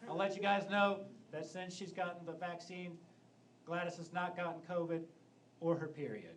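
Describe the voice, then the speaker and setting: A man in his thirties doing a deadpan stand-up comedy set on a club stage. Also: high-pitched, moderate pace. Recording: noisy live club recording.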